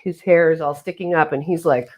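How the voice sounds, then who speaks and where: A woman's voice: sits low, steady tone, a little fast, darkish tone. A woman hosting a casual livestream, reading viewer comments with a playful, jokey manner and mock-solemn asides, on a webcam mic. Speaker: livestream host.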